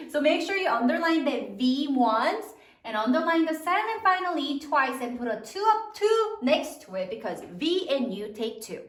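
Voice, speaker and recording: A woman teacher leading a spelling lesson for children, sounding out each syllable slowly and clearly. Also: high-pitched, big pitch swings, far from the mic. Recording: roomy, from away from the mic.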